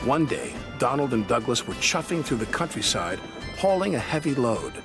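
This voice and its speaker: A man narrating a children's storybook in an expressive reading voice. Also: medium pitch, moderate pace. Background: music.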